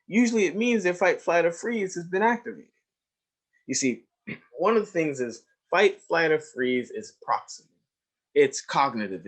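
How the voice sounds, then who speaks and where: An emphatic man telling classroom stories. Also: medium pitch. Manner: emphatic storyteller, swings between hushed and raised, stretched phrases; addresses listeners directly with "right?" and "you see?". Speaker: trauma educator presenting a webinar. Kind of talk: webinar lecture with storytelling.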